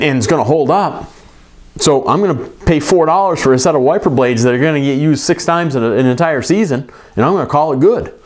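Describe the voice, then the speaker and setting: Middle-aged male coach, lively and emphatic, slightly higher voice, talks straight to shop staff. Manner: animated, emphatic, conversational with quick asides. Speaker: business coach for repair shops. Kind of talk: coaching talk to shop owners.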